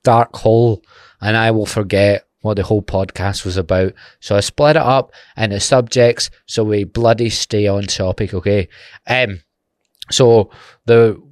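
Glasgow guy rambling on his own podcast, lowish voice, dry close mic, swears a lot. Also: no room sound. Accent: Glaswegian Scottish. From Glasgow, Scotland. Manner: rambling, sweary and jokey, goes off on tangents. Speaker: podcast host. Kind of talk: casual solo podcast chat.

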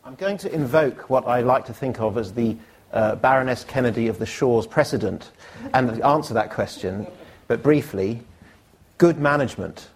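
Brisk male panel moderator. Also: medium pitch, darkish tone, slightly rough. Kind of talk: chairing a panel discussion.

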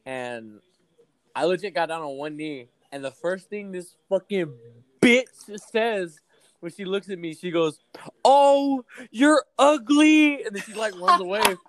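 A man's voice: a little high, unhurried, a bit bright, no room sound. A young man casually telling a long story to friends, rambling and profane with lots of fillers. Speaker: podcast co-host telling a story.

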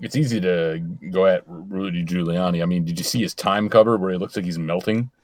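A man co-hosting a comedy podcast, teasing and joking in an animated way. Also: low-pitched, a little fast. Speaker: podcast co-host. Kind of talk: casual comedy chat.

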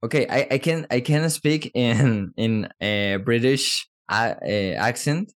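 Halting male host. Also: medium pitch. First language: Spanish. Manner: halting, searches for words, many restarts. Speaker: podcast host. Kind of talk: casual interview.

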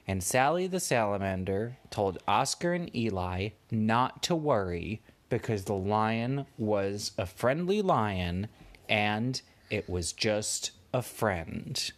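Slow, lively man telling a bedtime story. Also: on the low side. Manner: slow, animated, playful voices.

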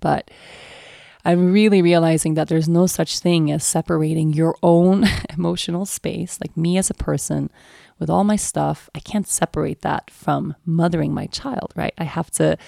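Young adult woman, mother, casual reflective monologue, earnest and open, frequent fillers, low gravelly voice, dry close sound. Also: dark tone, no echo. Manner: earnest, open, thinks aloud with frequent "like" and "right?". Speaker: mother sharing personal reflections.

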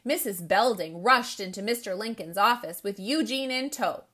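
A woman reading a children's story aloud in a gentle, expressive storybook manner. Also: mid-range voice, moderate pace.

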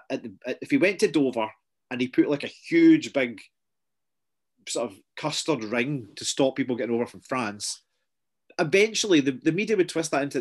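A man's voice: a little high, husky. A British man co-hosting a casual political chat, rambling and jokey. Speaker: podcast co-host.

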